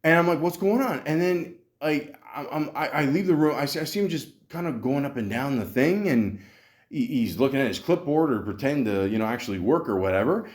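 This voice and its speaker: A man's voice: medium pitch, lively intonation, a little fast. A man telling a story on his podcast in a casual, profane rant, full of stammered restarts and acted-out dialogue. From Canada. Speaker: podcast host.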